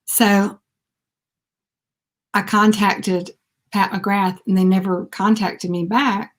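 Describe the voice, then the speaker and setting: A woman's voice: medium pitch, flat delivery, slow. A woman, chatting casually on a livestream with lots of fillers and laughs. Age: 50s. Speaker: beauty vlogger.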